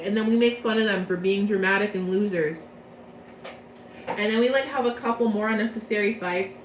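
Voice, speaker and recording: A woman's voice: mid-range voice, fairly quick, a little hiss or hum. Chatty young woman with a roomy echo. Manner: chatty, slangy, rambling, playful. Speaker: vlogger. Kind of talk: casual plot recap from memory.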